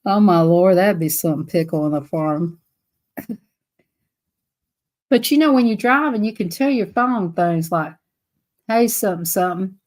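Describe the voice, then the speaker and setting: A woman's voice: on the low side, measured pace, long pauses, a little mellow. A woman telling casual stories on a live stream, chatty and laughing often as she acts out voices. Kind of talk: casual storytelling.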